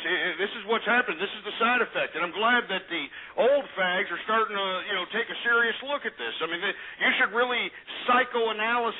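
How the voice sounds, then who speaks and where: A man from Texas hosting a call-in radio show, ranting loudly and profanely and ending lines with "all right?". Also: high-pitched. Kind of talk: brash call-in talk radio. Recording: phone-like lo-fi audio.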